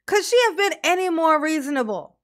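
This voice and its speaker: A woman's voice: high voice, very animated, a little fast. A woman hosting a casual reaction commentary, making sarcastic, mocking asides. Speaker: commentary channel host.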